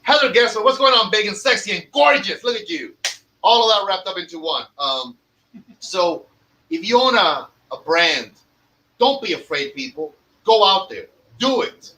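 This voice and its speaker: A man's voice: high voice, big pitch swings, normal speed, sharp tone, slight background noise, poor audio. A man who owns a cigar lounge, telling stories in a profane, emphatic podcast rant. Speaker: cigar lounge owner and tobacconist.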